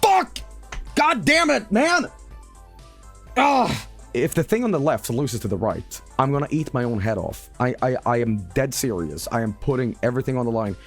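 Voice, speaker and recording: A man streaming gameplay commentary in a casual, hyperbolic way, with mock-announcer flourishes and shouted swearing at losses. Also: mid-range voice, animated, brisk, hardly any pauses, soft background music.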